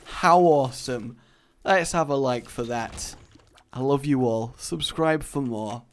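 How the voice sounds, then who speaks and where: A man's voice: mid-range voice, slow, faint music behind. A young man giving joking let's play commentary, talking back to the game characters as he plays. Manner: joking, talks to game characters, lively swings in loudness. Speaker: gaming commentator.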